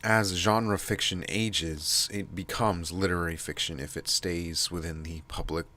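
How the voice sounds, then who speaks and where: A man with a nasal, stuffy voice and heavy breathing, rambling casually to his channel with many pauses and restarts. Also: deep voice, fairly even intonation, bright, forceful tone. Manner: halting, many fillers and restarts. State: stuffy from allergies. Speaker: channel host.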